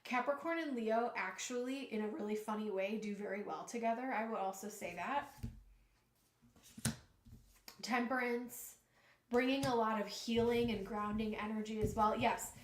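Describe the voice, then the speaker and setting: A woman's voice: a little high, normal speed, reverberant, a little hiss or hum. A woman giving a live-stream tarot reading, chatty and emotional, talking to spirit and to her viewers. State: emotional, nearly crying. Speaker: tarot reader.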